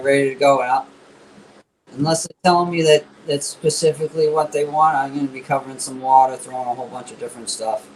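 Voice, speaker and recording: Animated male angler telling fishing stories. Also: on the high side, slight background noise, poor audio. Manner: animated storyteller. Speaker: guest angler. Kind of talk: casual fishing chat.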